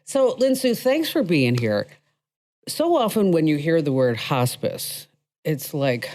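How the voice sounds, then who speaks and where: In her podcast, a middle-aged host chats through personal anecdotes, laughing between lines. She speaks slowly in a low, darkish, sing-song voice, with studio-quality audio and no room sound.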